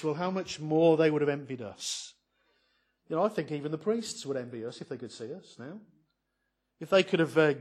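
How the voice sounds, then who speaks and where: A man preaching an evening sermon on a psalm, earnest and building to fervent emphasis, with many restarts. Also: fairly high pitch.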